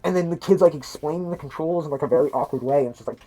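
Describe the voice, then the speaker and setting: A man with a fairly high, warm voice talks very fast through a rambling, profane movie review. He's speaking into a cheap mic through a mask, so he sounds slightly muffled, and he keeps restarting, swearing and laughing at things.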